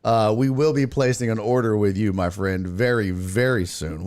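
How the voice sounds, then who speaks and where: This live stream podcast host speaks at normal speed in a lowish, slightly mellow voice. He keeps the chat casual and profane, reading out live chat and greeting viewers by name.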